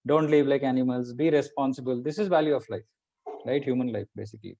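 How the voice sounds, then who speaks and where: A man's voice: medium pitch, fast, vocal fry, mellow. A man teaching a conversational scripture class. He explains patiently and keeps checking in with his listeners. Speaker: Bhagavad Gita teacher. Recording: muffled lo-fi recording.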